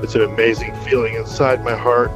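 A man guest on a radio show, giving a halting personal testimony full of restarts. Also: mid-range voice, flat delivery. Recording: dull audio with music behind.

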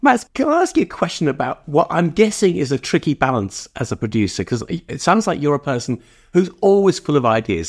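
A man's voice: on the high side, very animated, brisk, darkish tone. A man hosting a podcast interview who laughs often and asks long, searching questions. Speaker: podcast host.

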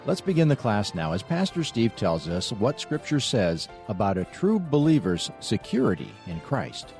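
A radio host introducing a teaching program in a relaxed, story-telling way. His voice is low but moves lively up and down as he speaks, and faint music plays underneath. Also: normal speed. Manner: conversational and storytelling. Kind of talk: scripted broadcast introduction.

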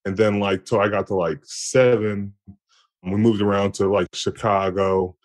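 A man's voice: lowish voice, steady tone, a little slow. A man in his thirties in casual chat, telling stories in a laid-back, slang-heavy way. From born in Pittsburgh, raised in Atlanta. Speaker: podcast guest.

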